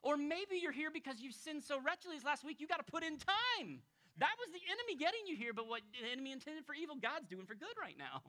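A male pastor preaching a sermon in an emphatic way, dropping to hushed tones and rising to loud exclamations. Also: extremely high pitch, sing-song, quick pace.

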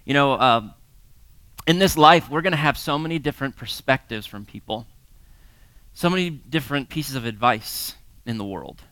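A bright, crisp male voice, fairly high for a man, captured in a dry, close setting with no room echo. He preaches in a lively storytelling way, chuckling and acting out the people in his anecdotes. He sounds like an American man in his thirties or forties. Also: normal speed. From United States. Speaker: pastor teaching a series. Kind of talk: sermon-style talk with personal stories.

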